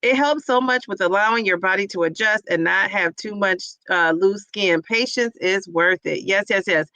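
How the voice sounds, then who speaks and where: A woman's voice: mid-range voice, moderate pace, sharp tone, no room sound, poor audio. A woman hosting a casual livestream, chatty and effusive as she cheers on her viewers and answers their comments. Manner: chatty, rambling with fillers. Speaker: livestream host reading viewer chat. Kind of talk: casual live chat.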